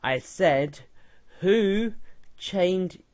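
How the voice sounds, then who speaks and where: A man's voice: high voice, animated, very slow, a little mellow. A young man giving casual gaming commentary, mocking and laughing at a chatbot. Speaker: gaming video creator.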